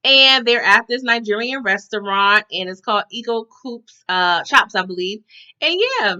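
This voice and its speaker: A woman's voice: mid-range voice, normal speed, bright, forceful tone, muffled recording. A woman recapping a TV episode in casual chat, often tagging her sentences with "okay?". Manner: chatty, tags lines with "okay?".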